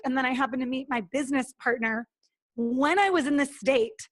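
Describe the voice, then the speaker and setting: A woman's voice: high-pitched, fairly quick. A woman talking as a podcast guest in a casual, earnest and motivational way, acting out her own thoughts and what others said. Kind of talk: casual interview talk.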